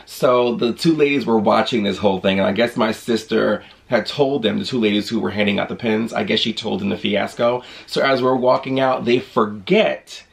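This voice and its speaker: A man telling a lively storytime in a casual vlog, acting out quotes as he goes. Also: on the low side, moderate pace, gravelly, hardly any pauses. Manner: chatty, animated storytelling with acted-out quotes. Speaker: vlogger.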